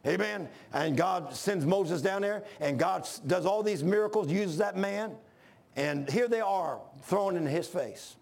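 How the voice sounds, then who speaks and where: Man preaching a shouted, folksy sermon; high, raspy-edged voice. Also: unhurried. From Washington, D.C. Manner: fervent, often shouting; folksy, says "man" a lot.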